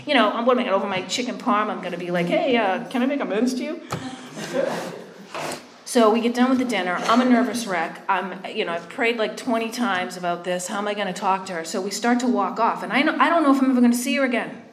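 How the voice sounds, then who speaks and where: A woman's voice: mid-range voice, fast talker, few pauses, noisy background. Candid woman sharing her story, echoey room. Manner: conversational, keeps checking in with "right?"; candid and self-deprecating. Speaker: speaker sharing a recovery story. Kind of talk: personal testimony talk.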